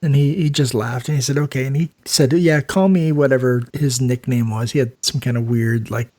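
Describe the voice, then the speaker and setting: Brief: male host, easygoing storyteller, mid pitch, chatty and amused. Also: fairly quick, a little mellow. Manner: laid-back, laughs often, acts out quoted voices. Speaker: podcast host, ER nurse. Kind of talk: casual storytelling chat.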